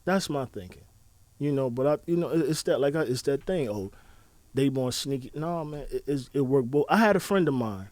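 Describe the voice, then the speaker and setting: A podcast co-host, a man, talks in a high, lively voice that swoops up and down as he acts out bits of dialogue. The sound is dry and close, with no room around it. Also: brisk, no room sound. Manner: animated storyteller, acts out quotes. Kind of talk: casual chat.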